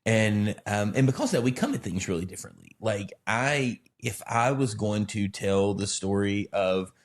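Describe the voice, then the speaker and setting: A man from Alabama, a pastor in casual conversation who rambles and tells animated stories with self-deprecating humor. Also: on the low side, normal speed. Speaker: pastor and podcast co-host.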